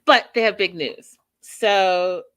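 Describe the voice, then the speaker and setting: A woman's voice: medium pitch, takes it slowly, a bit bright. A woman hosting a show, recapping a reality TV episode in a chatty, emphatic way and addressing her listeners directly. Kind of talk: casual recap commentary.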